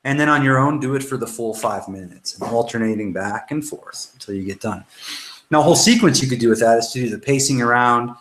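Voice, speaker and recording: A man's voice: mid-range voice, a little fast, fairly bright tone. A man coaching a self-help workshop, talking loosely and swearing freely as he demonstrates exercises to camera. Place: indoor room. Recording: roomy echo, faint noise.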